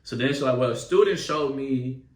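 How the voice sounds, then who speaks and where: A young man tells a story in a loose, animated way, swearing often and leaning on street slang. He sits back from the mic, so his voice comes through distant. The room around him is echoey. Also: medium pitch, normal speed. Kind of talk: casual storytelling.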